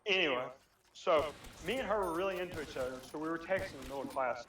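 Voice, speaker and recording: Young guy telling a story to friends, kinda high voice, swears a lot, laughs a lot, echoey room, mic far off. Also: quick pace. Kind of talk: casual chat among friends.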